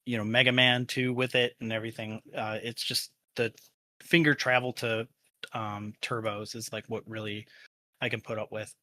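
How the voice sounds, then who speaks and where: A man's voice: on the low side, level tone, moderate pace, sharp tone, dry recording. A man from the American Midwest, a podcast guest, chatting loosely with lots of ums and likes. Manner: rambling, many fillers. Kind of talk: casual interview chat.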